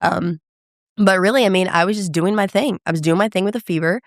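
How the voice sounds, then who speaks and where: A woman's voice: lowish voice, brisk, no echo, clean studio sound. A woman, an emcee and speaker, telling her career story as a guest in a podcast interview. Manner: animated storyteller who acts out quoted dialogue.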